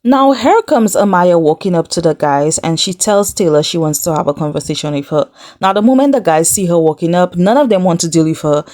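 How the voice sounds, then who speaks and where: A woman's voice: lowish voice, lively intonation, a little fast, hardly any pauses, a little mellow. A woman hosting a reality TV recap vlog, chatty and sassy, talking straight to her viewers and scolding the cast. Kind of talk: casual recap commentary to camera.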